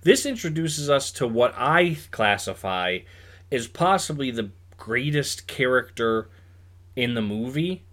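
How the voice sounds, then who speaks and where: A man co-hosts a film podcast in relaxed conversation. His voice is mid-pitched and ordinary, and he explains the story plainly and sums up his points. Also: measured pace. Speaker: podcast co-host. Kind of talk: casual chat reviewing a film.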